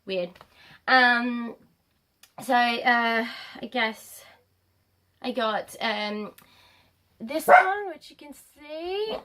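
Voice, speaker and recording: Young woman vlogger, slightly high voice, chatty and rambling, filler-heavy, camera mic at home. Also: lively intonation, drawn-out words, long pauses, fairly bright tone. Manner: chatty, rambling, many ums. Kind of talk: casual talk to camera.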